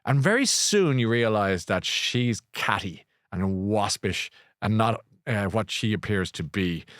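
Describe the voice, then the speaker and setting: A man's voice: fairly low pitch, expressive, a little slow, a bit bright, dry recording, studio quality. A middle-aged Irish man hosting a podcast, chatting in a rambling way with many restarts and self-corrections. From Ireland. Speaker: podcast host. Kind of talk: casual chat, book recommendation.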